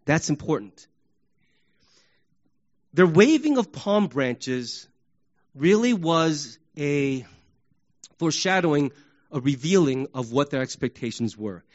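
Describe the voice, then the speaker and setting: A male pastor delivers an animated sermon in a high-sitting voice, speaking slowly with long pauses as he acts out crowd shouts and sports examples. The recording is muffled and lo-fi.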